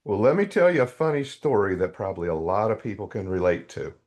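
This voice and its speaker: Older man, gravelly, low voice, animated faith testimony, interview guest. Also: fast talker. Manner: animated storyteller, swings up in pitch when excited. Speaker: podcast guest.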